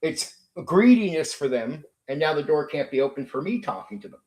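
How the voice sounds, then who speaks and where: A man's voice: on the high side, very animated, fairly quick, a little mellow. A man hosting his own channel, ranting unscripted in an aggrieved, repetitive, emphatic way, swearing and repeating his points. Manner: mimics rivals in sneering quoted voices. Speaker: channel host. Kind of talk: unscripted monologue rant.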